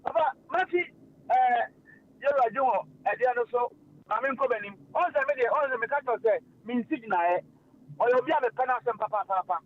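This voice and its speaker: Lively man on lo-fi radio. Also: extremely high pitch, brisk, a little hiss or hum. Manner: animated, mixing languages, frequent fillers and laughs. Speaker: radio host. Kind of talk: casual radio talk. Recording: lo-fi radio stream.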